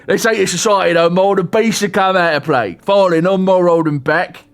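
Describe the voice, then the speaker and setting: Guy putting on a cockney hard man, loud n swaggering, game character. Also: high-pitched, a little fast, voice pushed up. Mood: menacing. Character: menacing cockney male survivor leader.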